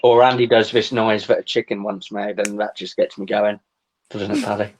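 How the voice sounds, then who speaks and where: A man's voice: lowish voice, little pitch movement, moderate pace, slight background noise. A man hosting a podcast, easygoing, asking questions to steer the chat. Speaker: podcast host. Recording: slightly muffled lo-fi sound.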